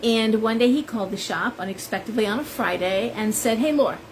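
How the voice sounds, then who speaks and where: A woman's voice: mid-range voice, a little fast, a little hiss or hum, low-quality recording. A woman who runs a tarot shop, chatting with viewers on a live stream and rambling into stories. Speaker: shop owner and tarot reader.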